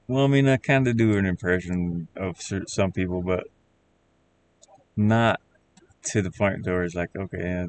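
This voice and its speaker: Southern man, lowish voice, game-dev streamer; halting, rambling casual talk while working. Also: a little hiss or hum. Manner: rambling, halting, restarts words.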